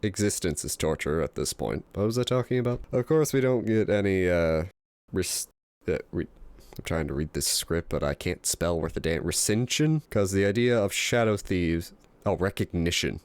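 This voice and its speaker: Man, low voice, game commentary, sweary, self-mocking, dry close sound. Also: normal speed, a little mellow, clean tone, dry recording. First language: English. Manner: sweary, self-deprecating, joking. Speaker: let's-play commentator. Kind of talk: casual game commentary reading a script.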